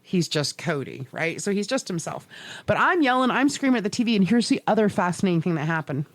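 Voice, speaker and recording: A middle-aged woman co-hosting a podcast, telling stories in a swearing, animated way with laughs, in casual chat. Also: medium pitch, quick pace, no echo. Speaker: podcast co-host.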